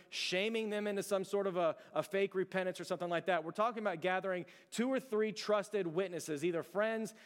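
A man preaching a sermon as pastor, telling a story in an earnest, conversational and emphatic way. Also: high voice. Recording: long reverb of a large hall.

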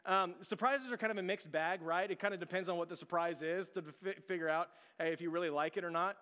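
Middle-aged male pastor, higher voice, loose self-deprecating storyteller who asks the crowd questions; reverberant church room. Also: fast, a bit bright. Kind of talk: conversational sermon storytelling. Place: church sanctuary. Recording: long hall reverb.

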